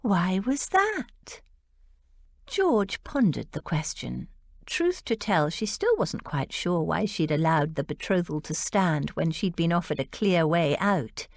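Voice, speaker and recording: A woman narrating an audiobook in an expressive, measured way. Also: deep voice, creaky, no echo.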